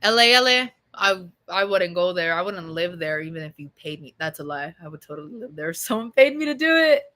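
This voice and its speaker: A young woman streaming and chatting with viewers in a loose, rambling way, full of swearing and fillers, her voice a bit hoarse from being sick. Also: on the low side, expressive, brisk, fairly bright tone. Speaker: streamer answering chat. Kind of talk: casual rambling chat.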